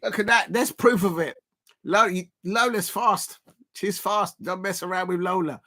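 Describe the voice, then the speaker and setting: Casual male streamer, chatty and rambling, voice sitting a bit high. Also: moderate pace. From South London, England. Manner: excitable, rambling, many fillers and restarts. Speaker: live stream football watchalong host. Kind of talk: casual live commentary and chat reading.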